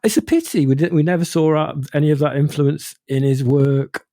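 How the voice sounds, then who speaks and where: Mellow man rambling in podcast chat. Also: on the high side, fairly even intonation, brisk, no echo, clean studio sound. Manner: rambling, hesitant, with frequent restarts. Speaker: podcast co-host. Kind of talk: casual chat.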